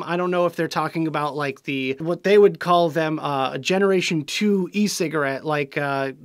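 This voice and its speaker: Frustrated, ranting high-voiced man. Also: fairly bright tone, no room sound, studio quality. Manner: frustrated, ranting, sarcastic about news coverage. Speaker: vape show host. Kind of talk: casual video commentary.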